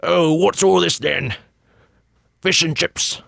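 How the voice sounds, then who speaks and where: A man's voice: on the high side, fairly quick, vocal fry, darkish tone, no room sound, studio quality, pitched above the performer's own voice. A man putting on a playful, broad mock-British accent as a joke on a podcast.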